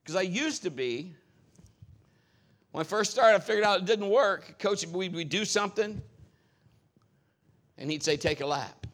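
High bright-voiced preaching man. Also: measured pace, pauses often. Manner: animated storytelling, acts out quoted voices. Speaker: pastor. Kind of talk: sermon.

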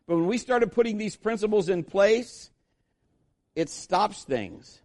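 A man's voice: sits high, expressive, unhurried, darkish tone. A man preaching a sermon as pastor, emphatic and repetitive, acting out quoted voices.

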